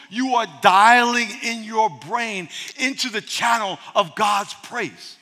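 A pastor preaching a sermon with humor and energy, calling on the congregation to answer back. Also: male voice, high voice, takes it slowly, hardly any pauses, sharp tone, a faint crowd, slight background noise. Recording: church hall reverb.

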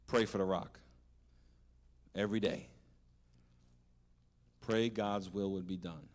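A male pastor delivering a sermon in a church hall. His voice sits a little low and he preaches with big animated rises, then drops to a hushed, earnest prayer. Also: takes it slowly, long pauses.

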